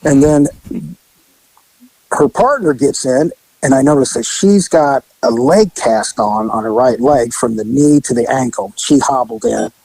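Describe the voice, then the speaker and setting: A man's voice: medium pitch, a little slow, darkish tone, no echo, rough recording. A man telling a story in a casual, wry, laid-back way as a podcast co-host.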